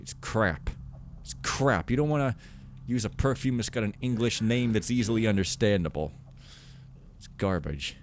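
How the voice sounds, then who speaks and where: A man's voice: lowish voice, normal speed, slight background noise. A man giving casual, rambling commentary over a video game, joking and mocking himself as he plays. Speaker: Let's Play commentator.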